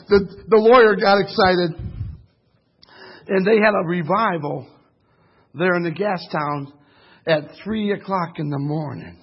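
A man preaching a sermon with great passion, shouting at the peaks of his story and dropping to a hushed tone in between. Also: high-pitched, moderate pace, pauses often, breathy edge, highs cut off.

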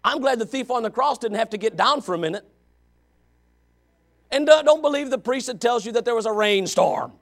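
A Baptist pastor preaching a fervent sermon, swinging between quiet asides and shouts. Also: male voice, very high-pitched, expressive, brisk.

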